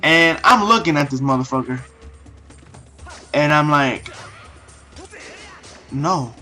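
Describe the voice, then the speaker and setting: A man's voice: a little high, animated, measured pace, bright, forceful tone, faint music behind. A teenage guy telling a story to a camera in a casual, foul-mouthed way, with lots of fillers and restarts. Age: late teens. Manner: heavy swearing, many fillers and restarts. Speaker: vlogger.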